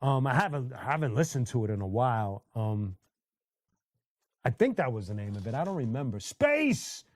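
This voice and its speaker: A laid-back man hosts a casual music livestream from a home setup, chatting loosely and greeting people in the chat. He speaks at a middle pitch, and his voice sits close and dry on the mic with no room sound around it. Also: expressive, fairly quick, a little mellow, no room sound. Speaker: livestream host reading chat.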